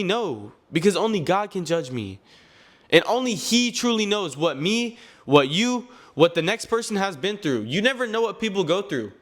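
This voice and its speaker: A nineteen-year-old clothing brand owner and vlogger gives a faith-driven motivational talk directly to his viewers. Earnest and a bit preachy, he often stumbles over words and restarts sentences in a noticeably high, fairly bright voice.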